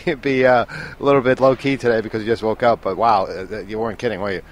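A man's voice: on the low side, fairly even intonation, quick pace. A man chatting casually on a hotel balcony and joking as he hosts. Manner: joking, chatty, laughs often. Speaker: co-host. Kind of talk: casual chat. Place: hotel balcony above a busy street. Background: street traffic.

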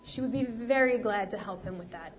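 A woman narrating an audiobook in a measured, expressive storytelling manner. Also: medium pitch, a little hiss or hum.

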